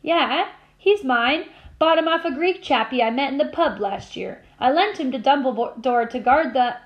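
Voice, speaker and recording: Hagrid, gruff giant, read by a woman. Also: high-pitched, expressive, normal speed, dull audio. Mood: gruff, insistent. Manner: gruff, insistent. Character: gruff huge male groundskeeper, secretive.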